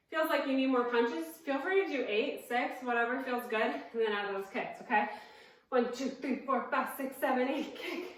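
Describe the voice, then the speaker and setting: A woman's voice: sits high, fairly bright tone, heavy reverb, far from the mic, slight background noise, rough recording. A woman instructing a cardio workout, counting reps and cueing moves, out of breath, with upbeat coaching and self-deprecating asides. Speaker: fitness instructor.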